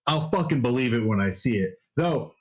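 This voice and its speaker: A man co-hosting a sports podcast, talking in halting restarts and swearing often. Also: mid-range voice, animated, husky, low-quality recording. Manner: halting, repeats himself, swears. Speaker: podcast co-host. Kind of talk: casual sports chat.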